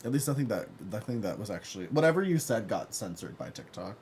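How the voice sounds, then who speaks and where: Chatting with his stream while gaming, this man speaks fast in a lowish voice, playful and campy. He reads messages from chat aloud, laughs a lot and yells when something excites him. There's slight background noise.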